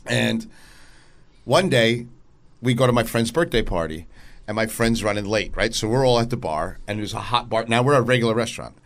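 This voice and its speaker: A man's voice: on the low side, a little fast. A man in casual podcast banter, telling a story with lots of swearing and laughter. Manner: animated storyteller, swears a lot, laughs often.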